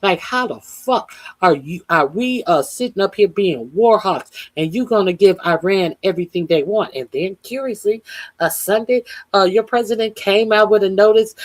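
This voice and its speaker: A woman's voice: medium pitch, moderate pace. A woman hosting political commentary, talking off the cuff with many fillers and blunt, profane remarks.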